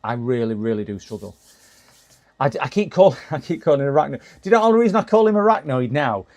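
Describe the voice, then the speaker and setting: A man in middle age talks to his live chat as he fixes a computer, his voice mid-pitched with a gravelly, creaky edge. He rambles easily and stumbles into restarts, breaking off now and then to laugh. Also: animated, fast, a little mellow. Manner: chatty, talks to chat while working, frequent restarts and laughs. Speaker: live-stream repair streamer. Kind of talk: casual live-stream chat.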